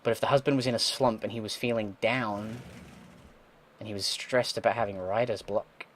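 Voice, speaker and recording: A man's voice: on the low side, fairly even intonation, moderate pace, a little hiss or hum. A young man giving casual gameplay commentary, thinking aloud with sarcastic asides and the odd swear word. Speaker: let's play gamer.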